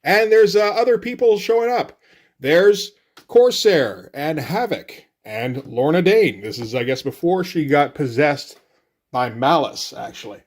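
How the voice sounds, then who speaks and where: A man reviewing a comic book in casual solo commentary, relaxed and loose, swearing offhandedly. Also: fairly high pitch, unhurried.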